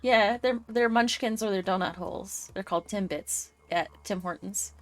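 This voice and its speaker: A woman with a Canadian accent co-hosts a casual chat show. She jokes freely and plays up local slang. Her pitch sits in an ordinary middle range. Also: moderate pace. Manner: playful, joking. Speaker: co-host.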